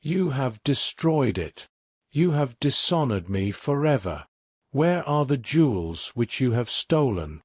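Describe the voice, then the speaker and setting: A man's voice: mid-range voice, big pitch swings, takes it slowly, darkish tone, husky, dry recording, studio quality, full character voice. A man reading as a stern, furious older banker father. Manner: stern and indignant.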